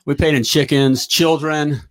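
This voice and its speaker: A man's voice: fairly high pitch, fairly even intonation, a little slow, a bit bright. Upbeat middle-aged man coaching live. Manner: emphatic, repeats "all right?" to check in. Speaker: plumbing business coach and livestream host. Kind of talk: energetic livestream pep talk.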